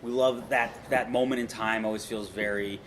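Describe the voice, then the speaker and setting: A man's voice: fairly low pitch, fairly even intonation, moderate pace. A man, a film director and co-writer, answering interview questions in a loose, rambling way with lots of restarts and self-deprecating jokes. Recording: noisy background ambience.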